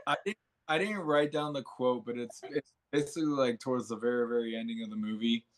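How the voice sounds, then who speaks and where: Co-host, casual movie talk, halting, hunts for words, fillers. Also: mid-range voice. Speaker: podcast co-host.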